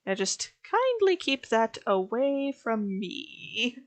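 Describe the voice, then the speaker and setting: A woman's voice: fairly high pitch, big pitch swings, slow. A woman hosting an art stream, chatting casually with a friend, laughing easily and joking loosely. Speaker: streamer host.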